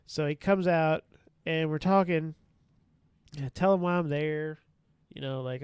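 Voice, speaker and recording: A man's voice: on the high side, a little slow, long pauses, clear, resonant tone, no room sound. Male guest storyteller with a clean, resonant voice and a dry close-mic sound, swearing freely while acting out scenes. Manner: profane, laughing, animated retelling. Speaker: podcast guest. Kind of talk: casual storytelling.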